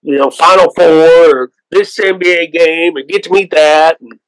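Male outfitter from Oklahoma, slightly high voice, relaxed yarn-spinner. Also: moderate pace, dry recording, low-quality recording. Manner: easygoing storyteller, laughs often. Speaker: guest, waterfowl outfitter. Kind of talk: casual interview chat.

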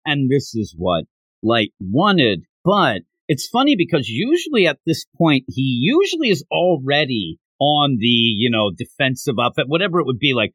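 A man co-hosting a casual podcast discussion, breaking into quick acted-out character lines as he talks. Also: medium pitch, no room sound. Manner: animated, acts out characters' lines in quick bursts. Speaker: podcast co-host.

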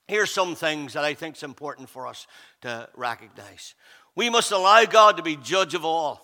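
A man's voice: fairly high pitch, animated, normal speed, sharp tone. A man preaching a sermon in a conversational way, often checking in with the congregation. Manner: conversational, often asks 'all right?' to the congregation. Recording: long hall reverb.

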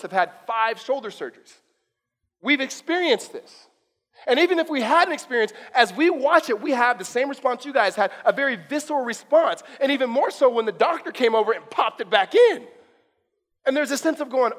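A man with a high, light voice preaches to his church, casual and animated, doubling back on his words as he talks. His voice carries a long reverb from a large hall. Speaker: pastor. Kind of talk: sermon.

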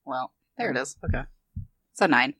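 A man's voice: mid-range voice, lively intonation, moderate pace, pushed and bright, husky, no echo. A man playing a tabletop game, giving a rambling, wry recap full of fillers. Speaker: player.

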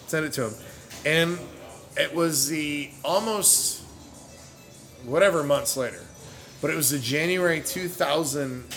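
A middle-aged man telling a long, rambling story in casual chat, laughing often and correcting himself as he goes. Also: medium pitch. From United States. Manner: rambling and animated, self-correcting, laughs a lot.

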